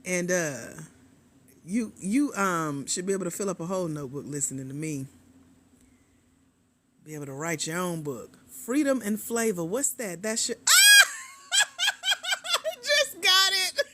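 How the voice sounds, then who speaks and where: A woman who works as a grant coach livestreams casually from her bed at home on a tablet, sleepy and fighting a nap. She reads viewer comments aloud and laughs often, her lowish voice expressive at a normal pace with long pauses. There's a little hiss or hum.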